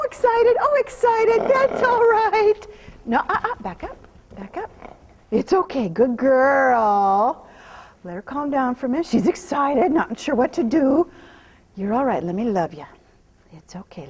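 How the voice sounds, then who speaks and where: A woman horse trainer giving a hands-on demonstration, mixing soft repeated praise and hushed soothing with firm commands and calm explanations to viewers. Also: high voice, a little hiss or hum. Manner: drops into hushed near-whispers when soothing.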